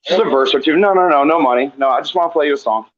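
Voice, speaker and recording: A young man, a radio co-host out on a street prank, talking in a slow, laid-back way and singing back lines he is fed, heard through a phone in his pocket. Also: on the high side, lo-fi sound, over a noisy crowd. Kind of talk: casual chat and off-key singing over the phone. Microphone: phone in pants pocket.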